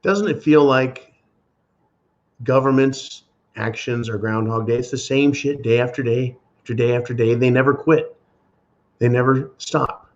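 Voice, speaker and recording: A man hosting a solo podcast rant in a sarcastic, profane manner. His voice sits at a middling pitch. The recording sounds dull and lo-fi. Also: steady tone, a little slow. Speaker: podcast host.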